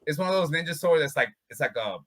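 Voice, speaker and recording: A man's voice: fairly high pitch, animated, fast talker, fairly bright tone. A man, a fighter being interviewed, telling stories in a loose, casual way and often breaking into laughter. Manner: laughs often while talking. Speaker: bare-knuckle fighter, interview guest. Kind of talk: casual storytelling.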